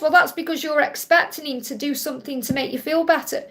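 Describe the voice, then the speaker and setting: This tarot card reader hosts a live stream, speaking directly to viewers and answering their questions with warmth and reassurance. She talks fast in a high-pitched, steady, slightly bright voice.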